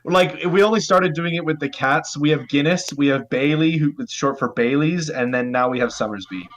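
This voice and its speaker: A man's voice: a little high, moderate pace, highs cut off. A young man co-hosting a casual podcast, rambling with lots of likes and restarts. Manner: rambling, many fillers and restarts. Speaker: podcast co-host. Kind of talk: casual group chat.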